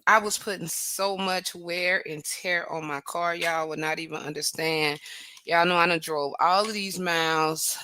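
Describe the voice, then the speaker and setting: Woman, livestream host, bright forceful voice, dry close sound. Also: on the low side, fairly even intonation, measured pace, no room sound. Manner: chatty, greets viewers by name, praises God often. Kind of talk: casual livestream chat.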